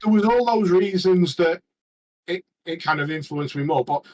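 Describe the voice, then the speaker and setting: A man chatting casually as a regular on a podcast, rambling and halting with many restarts. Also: sits high, darkish tone, low-quality recording. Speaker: regular panelist.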